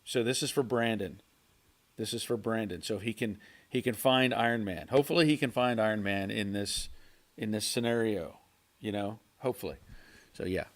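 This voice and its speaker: A man hosting a casual livestream from his garage, reading viewer chat and answering in a halting way, repeating words and chuckling often. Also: fairly low pitch. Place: home garage.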